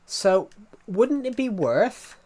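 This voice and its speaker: Rambling young man streamer, slightly high voice. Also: big pitch swings, takes it slowly, mellow. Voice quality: thick accent. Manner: rambling, with many restarts and false starts; self-deprecating and jokey. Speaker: livestreamer. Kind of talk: casual livestream chat answering viewers.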